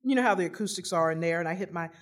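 A woman's voice: lowish voice, rapid-fire. A woman telling a humorous personal story, rambling with lots of fillers and restarts, poking fun at herself. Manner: rambling, many fillers and restarts, self-mocking. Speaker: storyteller giving a personal testimony.

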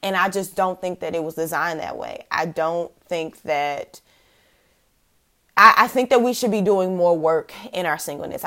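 Animated young woman podcaster, lower voice. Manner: animated, laughing, many likes and fillers. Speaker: podcast host. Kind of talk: casual faith podcast talk.

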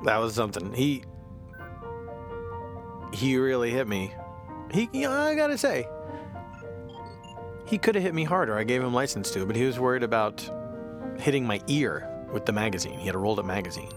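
Man, comedy podcast host, lively pitch, wry rambling monologue, music behind. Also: moderate pace, long pauses. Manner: rambling, self-interrupting and wry. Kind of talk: comic monologue.

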